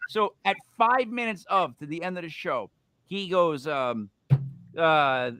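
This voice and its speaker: A man hosting a casual paranormal talk show, joking and telling stories with animated delivery. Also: on the high side, unhurried, clear, resonant tone, no room sound. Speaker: podcast host. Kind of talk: casual chat.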